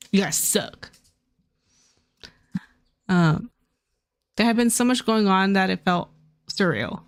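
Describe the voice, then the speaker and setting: A woman streaming an otome game, reading its dialogue aloud and chatting playfully with her viewers, with small changes of voice for the characters. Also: medium pitch.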